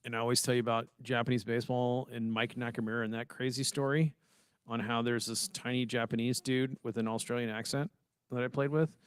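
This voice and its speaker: A man's voice: mid-range voice, level tone, brisk, smooth, no room sound. A man co-hosting a podcast, chatting casually about baseball and movies in a loose, rambling way. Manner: rambling, laid-back, swears casually. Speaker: podcast co-host. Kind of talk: casual chat.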